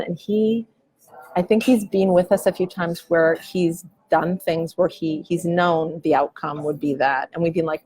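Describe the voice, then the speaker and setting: A woman's voice: lowish voice, fairly even intonation, measured pace, mellow, husky, rough recording. A woman in her forties talking candidly in a coffee shop, musing loosely and swearing casually as a podcast host. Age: 40s. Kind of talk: candid reflective chat.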